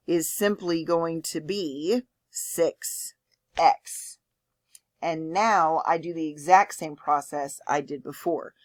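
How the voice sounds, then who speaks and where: A woman teaching a math lecture, explaining step by step and often checking in with "okay?". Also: sits low. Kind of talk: lecture with board work.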